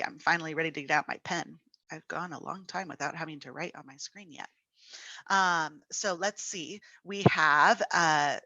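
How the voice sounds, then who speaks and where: A young woman teaching music theory in a relaxed, chatty way. Her voice is bright and a bit low, and it sounds close and dry, with no room around it. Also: dry recording. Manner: chatty, casual, sings rhythms on syllables. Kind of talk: online lesson with sung rhythm examples.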